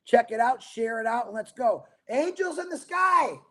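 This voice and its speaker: A man hosting a casual livestream, rambling upbeat as he greets viewers by name, talking fast and a bit mumbled. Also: very high voice, lively intonation, fairly bright tone. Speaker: livestream host. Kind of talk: casual livestream chat reading viewer comments.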